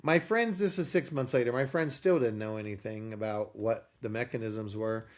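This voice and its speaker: A man's voice: fairly low pitch, normal speed. A man telling a personal story in an interview, acting out the voices of people in it. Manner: animated, acts out quoted dialogue. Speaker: guest, company founder.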